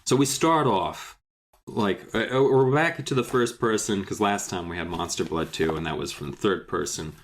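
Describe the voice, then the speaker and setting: A man co-hosting a casual book podcast, joking and animated as he retells a plot. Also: low-pitched, normal speed, a little hiss or hum. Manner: joking, animated, slips into silly put-on voices. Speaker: podcast co-host.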